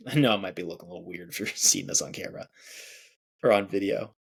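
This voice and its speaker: Low, gravelly man guiding a body scan. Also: brisk. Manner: relaxed, chatty guidance with sighs and laughs. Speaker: podcast host. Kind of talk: guided body scan meditation.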